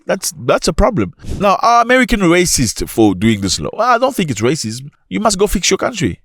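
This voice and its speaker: A man's voice: sits high, huge pitch swings, a little fast, hardly any pauses, a bit bright, no room sound, studio quality. A man from Africa giving impassioned opinion commentary, firing off rhetorical questions to his viewers.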